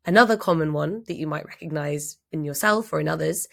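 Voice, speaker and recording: A woman speaking as a voice and presentation coach, calm and measured as she explains. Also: low voice, creaky. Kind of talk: instructional explainer.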